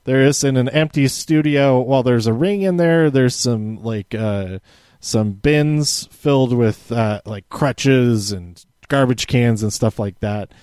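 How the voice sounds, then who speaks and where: A man's voice: mid-range voice, takes it slowly, darkish tone, clear, resonant tone, dry recording. A man casually reviewing a wrestling episode from handwritten notes, rambling with many fillers and restarts.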